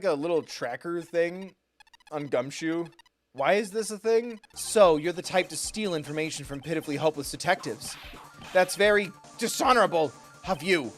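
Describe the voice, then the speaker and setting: Jokey young man streaming a game. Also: on the high side. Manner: jokey, reads game dialogue aloud. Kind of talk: casual gameplay commentary.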